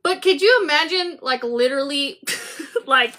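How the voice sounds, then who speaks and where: A woman hosting a casual book club discussion, animated and laughing as she acts out scenes. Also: sits high, moderate pace, noisy background.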